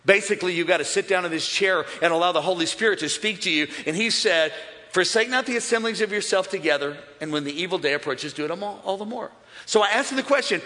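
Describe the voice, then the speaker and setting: A high, bright-voiced man preaching a sermon to a packed church. He talks straight to the crowd and builds to shouts. His voice rings out with a long hall reverb. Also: quick pace. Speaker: pastor. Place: large church with overflow campuses.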